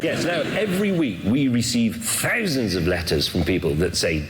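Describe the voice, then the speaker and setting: A man presenting on TV in a deadpan, mock-weary way. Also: mid-range voice, moderate pace, few pauses, a little hiss or hum. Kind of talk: scripted TV presenting. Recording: TV clip with long reverb.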